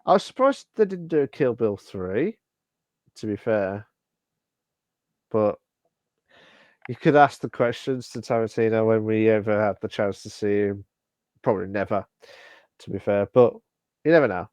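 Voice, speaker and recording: A man co-hosting a casual podcast, talking in halting bursts with lots of fillers and restarts. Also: fairly low pitch, animated, a little mellow, no room sound. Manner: hesitant, many fillers and restarts. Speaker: podcast co-host.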